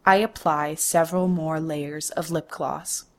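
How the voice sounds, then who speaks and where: A young woman telling a first-person story, her voice low and her delivery slow and deliberate. Each detail is placed carefully, with a measured calm. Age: young adult. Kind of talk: first-person narrated monologue.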